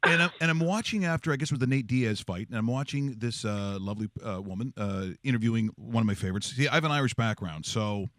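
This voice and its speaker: A man's voice: mid-range voice, fast talker, hardly any pauses, a bit bright, dry recording, clean studio sound. A man hosting a casual interview show, talking enthusiastically and rambling with many fillers. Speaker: podcast host.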